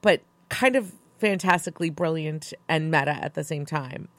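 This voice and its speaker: Woman co-host, lower voice, rambling casual talker. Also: moderate pace, dry recording. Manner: chatty, rambling, many fillers. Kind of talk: casual chat.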